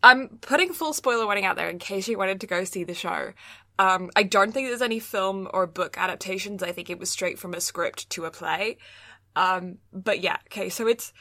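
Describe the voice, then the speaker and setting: Bright, chatty young woman ranting. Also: mid-range voice, moderate pace, dry recording, studio quality. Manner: chatty, ranting, frequent fillers and laughs. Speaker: podcast co-host. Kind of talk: casual chat.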